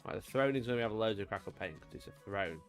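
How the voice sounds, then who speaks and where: A man's voice: fairly low pitch, lively intonation, fast, soft background music. A British man hosting a live stream while painting miniatures, chatting casually and greeting viewers by name. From United Kingdom. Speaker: livestream host painting miniatures.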